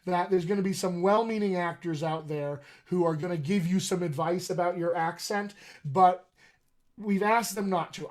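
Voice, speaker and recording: A man who works as a dialect coach, talking casually on a live stream with many ums and repeated pleas. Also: high voice. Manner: chatty, many ums, pleading repetitions. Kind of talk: live-streamed talk to an online group.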